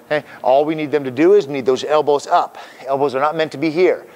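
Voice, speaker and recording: A man's voice: a little high, fast talker, darkish tone. A man trainer explaining exercise moves in an upbeat, playful way, often checking in with "okay?", recorded outdoors on a hilltop. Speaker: fitness trainer. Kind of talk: instructional demonstration.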